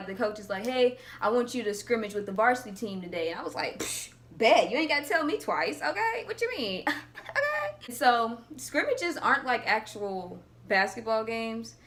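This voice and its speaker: A young woman tells funny stories to her camera. Her voice is bright and rather high, and she acts out each quote with animated energy. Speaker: vlogger. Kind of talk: casual storytelling.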